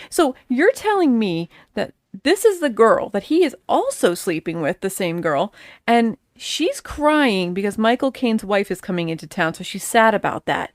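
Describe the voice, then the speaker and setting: A woman's voice: fairly high pitch, sing-song, moderate pace, no echo, studio quality. A woman co-hosting a podcast, casually and bluntly reacting to a film with incredulous, profane remarks. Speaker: podcast co-host. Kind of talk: casual movie-review chat.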